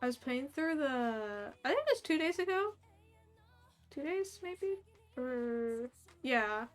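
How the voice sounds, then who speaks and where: Chatty young woman streamer, slightly high. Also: animated, takes it slowly. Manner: rambling and chatty with frequent "like" and laughs. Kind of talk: casual chat while drawing. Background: faint background music.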